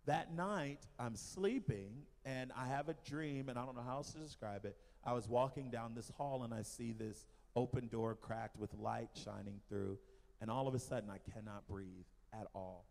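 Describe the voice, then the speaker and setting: A man giving a church testimony about a mission trip, telling the story in an animated way with many fillers. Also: mid-range voice, moderate pace, vocal fry. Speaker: missionary speaker. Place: church hall. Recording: long hall reverb.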